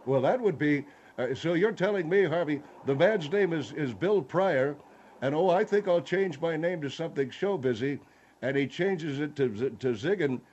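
A man voicing a slow, befuddled male guest who stammers in confusion. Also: fairly high pitch, expressive, a little mellow, muffled recording, slight background noise, close to an everyday voice.

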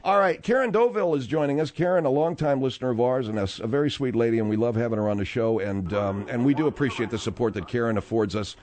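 A man's voice: medium pitch, fast, few pauses, darkish tone. A man hosting a late-night radio talk show, blunt and conversational at a studio mic.

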